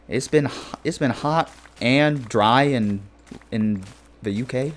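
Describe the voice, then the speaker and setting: A man's voice: mid-range voice, a little slow, slight background noise. A man with a middling voice chats casually with his viewers while streaming a game. He rambles, cracks jokes and leans on filler phrases. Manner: jokey and playful. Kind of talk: casual live-stream chat.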